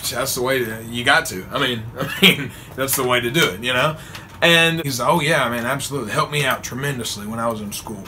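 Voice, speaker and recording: A man's voice: mid-range voice, a little hiss or hum. A young man telling a funny true story in a casual vlog, acting out the lines with frequent laughter. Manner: animated, laughs often, acts out quotes. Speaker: vlogger.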